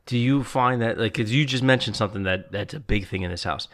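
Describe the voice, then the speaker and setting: A man's voice: on the low side, fast, fairly bright tone. A man hosting a casual podcast, telling stories in a loose, chuckling way with a New Jersey accent. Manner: laid-back, chuckling, loose storytelling. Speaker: podcast host. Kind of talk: casual chat.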